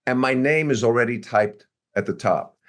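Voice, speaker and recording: A man in his sixties, a biotech executive appearing as an interview guest, conversationally recounts a story from his career. His voice is medium in pitch and moderately paced, and he animatedly acts out quotes while chuckling along.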